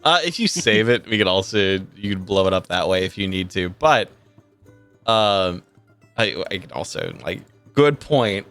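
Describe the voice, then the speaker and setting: A man's voice: sits low, sing-song, normal speed, fairly bright tone, faint music behind. A man narrating as game master of a tabletop game, rambling with many fillers, cursing and laughing along.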